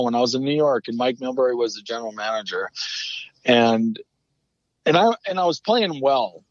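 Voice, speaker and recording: A man's voice: medium pitch, no echo. Guy rambling thru hockey stories, keeps restarting, kinda muffled sound. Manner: rambling with frequent restarts and swearing. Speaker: guest, former hockey player. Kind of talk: casual storytelling interview. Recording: muffled lo-fi remote audio.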